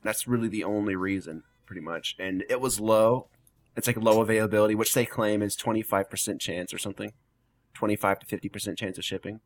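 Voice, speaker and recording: A man's voice: on the low side, fairly even intonation, fairly quick. A man co-hosting a podcast in casual chat, joking and laughing often. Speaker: podcast co-host.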